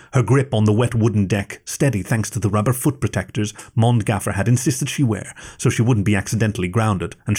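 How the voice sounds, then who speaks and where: A man with a fairly low voice narrates an action story in a steady, measured manner. His scripted reading keeps an even pace through the scenes. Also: slightly rough.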